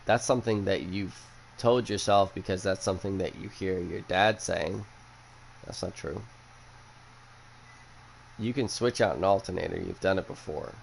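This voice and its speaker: A man's voice: deep voice, normal speed, gravelly, pauses often, slight background noise. A young man hosting a casual chat, who rambles bluntly and swears a lot after a few drinks. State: has been drinking. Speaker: podcast host.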